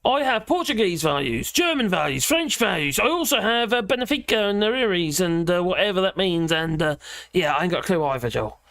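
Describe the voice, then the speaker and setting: Man, livestream host, high bouncy voice, chatty and opinionated, dry close sound. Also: very animated, a little fast, fairly bright tone, no echo. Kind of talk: casual livestream chat reading viewer comments.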